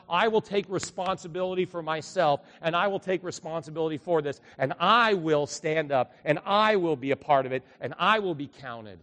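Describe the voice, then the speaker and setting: A middle-aged pastor delivers a sermon with a fairly high voice that rings out through a church hall. He swings from loud, fervent bursts to hushed, confiding asides, and the long reverb trails after each phrase. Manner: animated preaching, swinging between loud bursts and quiet asides. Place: church sanctuary.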